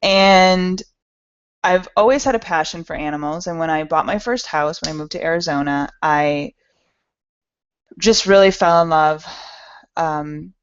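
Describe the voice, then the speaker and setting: A middle-aged woman giving a candid, self-deprecating personal talk to an audience, speaking in halting phrases with restarts. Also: low voice, clean tone. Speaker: speaker at an entrepreneur meetup. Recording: dull lo-fi recording.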